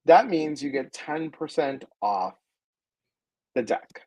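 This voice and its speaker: A man's voice: on the high side, takes it slowly, poor audio. A middle-aged man, a guest on a live stream, chatting casually and playfully, greeting viewers and joking along. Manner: playful, animated, reads viewer comments aloud.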